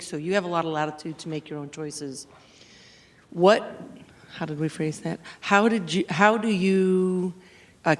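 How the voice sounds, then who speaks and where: Higher-voiced teacher asking a question. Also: male voice, fairly bright tone. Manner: encouraging, searching for words. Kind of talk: audience question.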